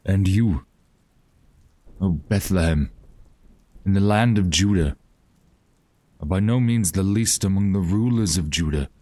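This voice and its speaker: A prophetic voice that declaims with solemn weight. It is very low and dark, recorded dry and close. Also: male voice, unhurried, pauses often, no room sound.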